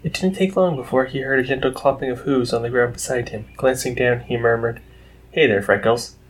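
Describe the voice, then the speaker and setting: A man reading a story aloud in a steady, unhurried voice. His pitch sits in an ordinary middle range, neither high nor low. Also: a little hiss or hum, low-quality recording. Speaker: narrator. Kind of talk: reading fan fiction aloud.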